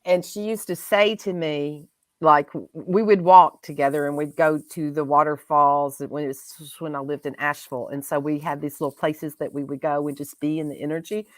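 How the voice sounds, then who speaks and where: A woman hosting a casual spiritual chat, speaking in a gentle, reflective and heartfelt way. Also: deep voice, steady tone, normal speed, no room sound. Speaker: host.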